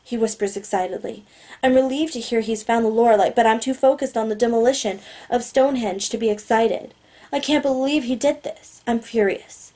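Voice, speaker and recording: A woman narrating a novel in the first person, steady and plain. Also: on the high side, a little fast. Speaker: audiobook narrator.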